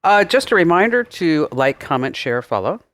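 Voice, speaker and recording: Male radio co-host, playful rambler, expressive pitch, studio voice. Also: normal speed. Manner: joking, animated, rambling storyteller. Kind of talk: casual radio show banter. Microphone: studio microphone.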